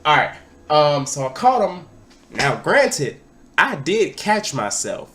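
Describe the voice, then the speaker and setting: A young man vlogging, telling a party story in a casual, excitable way and sometimes shouting out what people said. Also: fairly high pitch, takes it slowly, a little hiss or hum. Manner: animated, excitable, breaks into loud acted-out quotes.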